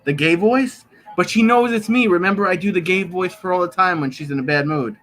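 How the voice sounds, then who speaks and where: Young male streamer, slightly high voice, rambling and profane. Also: brisk, fairly bright tone, slight background noise, low-quality recording. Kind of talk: casual live-stream chat. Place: bedroom.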